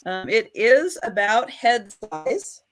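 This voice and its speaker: Slow-talking woman describing sale items. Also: on the high side, big pitch swings. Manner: slow, careful item descriptions with frequent ums. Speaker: co-host running a live vintage sale. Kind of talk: live online sales chat. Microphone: streaming over a home internet connection.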